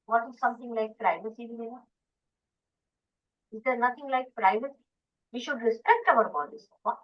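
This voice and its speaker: A woman with a fairly high voice gives an informal spiritual talk, pressing her points with rhetorical questions and repeated phrases. She sits well back from the microphone on a muffled archival recording. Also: moderate pace. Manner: emphatic, full of rhetorical questions and repetitions. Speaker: spiritual teacher. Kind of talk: informal talk to a small group. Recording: dull archival recording from far off.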